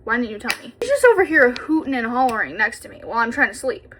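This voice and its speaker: A young woman in her twenties telling a childhood story while doing her makeup, chatty and animated, swearing freely, filmed on a propped-up phone. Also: a little high, fast, background noise. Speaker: beauty vlogger. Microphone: phone camera propped up.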